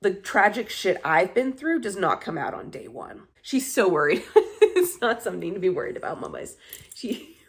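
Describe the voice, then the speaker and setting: A woman's voice: mid-range voice, very animated, moderate pace, gravelly. A young adult woman chatting casually on her vlog, telling dating stories in a candid, blunt way and swearing freely. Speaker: vlogger. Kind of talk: casual chat.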